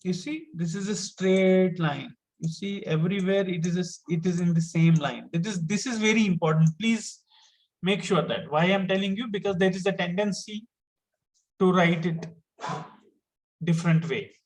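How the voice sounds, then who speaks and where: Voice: mid-range voice, moderate pace, rough recording. A teacher, giving an online lesson step by step and patiently repeating each point.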